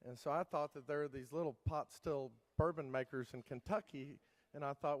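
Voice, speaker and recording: A man's voice: a little high, steady tone, moderate pace. Rambling man telling a story in a hall. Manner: rambling, many fillers and restarts. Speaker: keynote speaker. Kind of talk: storytelling keynote talk. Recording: long hall reverb.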